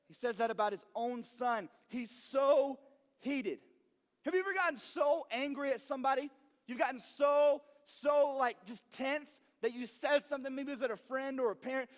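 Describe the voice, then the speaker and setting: A young man preaching a youth sermon, telling stories with acted-out voices and sudden shouts. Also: extremely high pitch. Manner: animated, acts out voices, shouts for effect. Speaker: youth pastor. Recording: long hall reverb.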